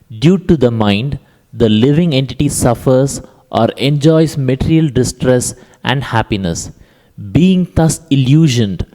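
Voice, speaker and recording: Man, mellow, dark tone, reads scripture aloud with the echo of a long hall behind him. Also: mid-range voice. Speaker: reader at a class. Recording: echoey temple hall.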